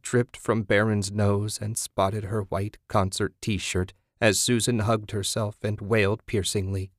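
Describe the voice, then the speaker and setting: Man, audiobook narrator, lowish voice, steady measured reading, dry close mic. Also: dry recording. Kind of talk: scripted narration. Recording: dry close studio recording.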